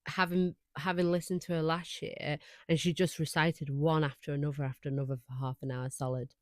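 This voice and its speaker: A woman with a low voice talks through a casual podcast chat in an earnest, reflective way. She sounds admiring and thoughtful. The recording is dry and close. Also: level tone, brisk, no room sound. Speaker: podcast co-host.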